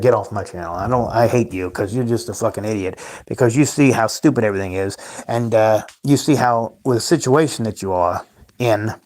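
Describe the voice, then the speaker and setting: A man hosting his own livestream, rambling and ranting at his chat, repeating himself and calling the viewers guys. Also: medium pitch. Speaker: livestream host.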